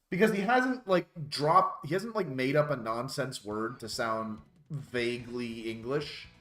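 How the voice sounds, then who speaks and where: A man's voice: mid-range voice, animated, normal speed, hardly any pauses, fairly bright tone. A young man casually commenting on a game he streams, wry and joking. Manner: wry, joking, laughs often.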